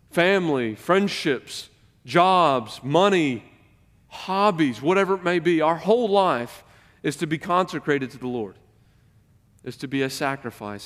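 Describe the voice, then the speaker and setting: A man's voice: a little high, long reverb tail. A man preaching a sermon, speaking emphatically with questions to the congregation. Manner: emphatic, rising and falling in volume, addresses the congregation with questions. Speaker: pastor.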